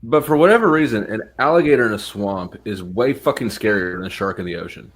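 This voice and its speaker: A man's voice: fairly low pitch, expressive, fast talker. A man hosting a casual chat, laid-back and profane with a dry sense of humor. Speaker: host.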